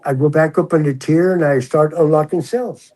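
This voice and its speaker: A man in his sixties, a retired prison officer, telling stories in a relaxed, chatty way and acting out the voices of others. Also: on the high side, normal speed, poor audio. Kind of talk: casual storytelling.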